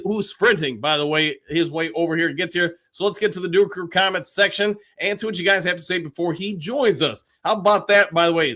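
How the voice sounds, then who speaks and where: A man hosts a live sports talk show in a casual, chatty way. His voice sits high and sounds bright and forward. He breaks up his commentary with cheerful reads of viewer comments. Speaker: sports podcast host.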